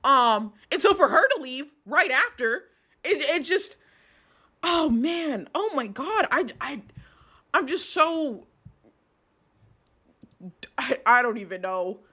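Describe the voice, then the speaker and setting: A young woman talks through a live stream in casual commentary, her voice high-pitched and sharply bright. She rambles, restarts her sentences and swears as she gets worked up. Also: sing-song, takes it slowly, long pauses. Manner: rambling, heated and emphatic, frequent swearing and restarts.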